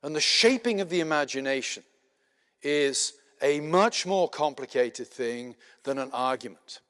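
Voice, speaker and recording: A middle-aged man lecturing to a conference audience, his voice sitting a little high for a man. He explains in a measured way, with plenty of "uh"s and the odd dry aside. The room has a long, lingering reverb. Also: animated, fairly bright tone. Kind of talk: spoken lecture.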